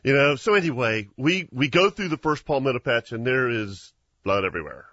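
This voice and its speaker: A man, hosting a hunting show and telling a story in an animated way, with frequent laughs and restarts. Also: mid-range voice, a little fast, dry recording, lo-fi sound. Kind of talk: casual storytelling chat.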